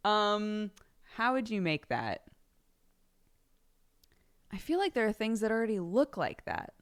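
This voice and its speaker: A woman's voice: mid-range voice, very animated, a little slow. A young woman chatting casually on a live stream, laughing often and swearing offhandedly.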